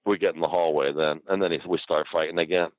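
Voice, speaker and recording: An older man with a very low, deep voice tells rambling, profane stories, breaking into laughter between lines. The sound is dry and close, with no room around it. He talks loosely, piling up restarts and asides. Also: fairly even intonation, fast talker, dry recording, lo-fi sound. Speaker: guest storyteller. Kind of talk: casual storytelling interview.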